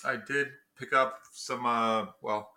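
A man's voice: mid-range voice, steady tone, slow pace, pushed and bright. A man co-hosting a podcast in casual chat, chatty, often stumbling and correcting himself. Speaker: podcast co-host.

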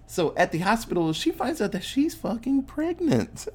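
A high-pitched man speaks a little slowly in a slightly rough recording as a podcast co-host recapping a film. He tells the plot casually and profanely, animatedly acting out the characters' quoted lines.

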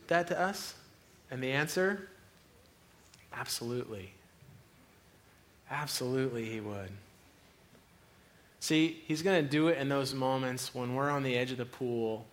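A man preaching a sermon as pastor, telling a story with lively acted-out voices. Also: medium pitch. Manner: animated storyteller, acts out voices.

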